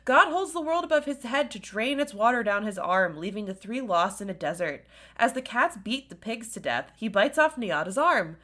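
A woman's voice: a little high, expressive, normal speed, fairly bright tone. A woman co-hosting a podcast, chatting casually and recapping a film plot, laughing often and stumbling over words. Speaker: podcast co-host.

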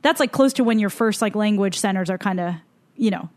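A woman's voice: mid-range voice, brisk, a little mellow. A woman hosting a podcast, asking long, rambling questions and giving frequent affirmations. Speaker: podcast host. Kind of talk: casual interview.

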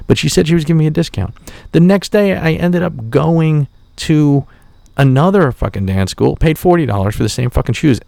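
A man's voice: medium pitch, gravelly, dry recording. A man telling a rambling, profane story on a podcast in a casual tone, acting out the people he quotes. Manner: profane, animated, acts out quotes. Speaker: podcast host.

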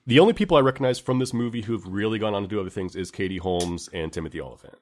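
A man co-hosting a podcast, casually recapping a movie plot in a relaxed, rambling way. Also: lowish voice, rapid-fire. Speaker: podcast co-host.

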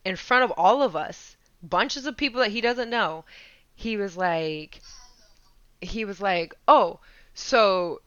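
A woman, an Air Force veteran, telling a story in a casual, animated chat full of slang and laughter. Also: mid-range voice, a little slow, smooth, dry recording, highs cut off.

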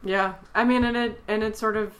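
A woman co-hosting a podcast in casual chat, tearful, retelling scenes and acting out lines in a high squeaky voice. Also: fairly even intonation, fairly quick. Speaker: podcast co-host.

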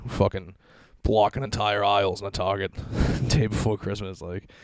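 A man in his thirties talks through a solo podcast episode from his basement, swearing freely and mocking himself as he rambles. His voice sits on the low side, and the close mic sounds dry with hardly any room sound. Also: little pitch movement, moderate pace, no room sound. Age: 30s. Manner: profane, self-mocking rambling storytelling. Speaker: podcast host. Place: basement at home.

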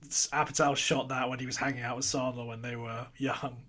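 A man's voice: mid-range voice, level tone, fairly quick, bright, forceful tone. A man co-hosting a casual film talk, laughing often as he speaks. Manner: laughs often while talking. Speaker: podcast co-host.

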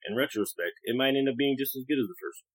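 A man's voice: medium pitch, fast, no echo, poor audio. A man on a gaming podcast panel, talking confidently and at length about games. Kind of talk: casual podcast chat.

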